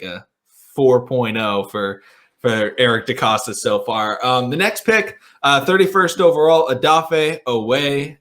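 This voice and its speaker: Bright-voiced male sports podcast host. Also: medium pitch. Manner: upbeat, many ums and restarts. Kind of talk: casual sports podcast chat.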